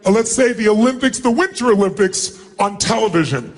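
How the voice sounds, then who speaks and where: Middle-aged guy firing up a giant crowd at a seminar, loud bossy instructions, voice sits high-ish. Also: expressive, fairly quick. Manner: commanding, emphatic, often shouting instructions to the audience. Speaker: motivational speaker. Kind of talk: live seminar address to a large crowd. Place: large event hall with thousands of people.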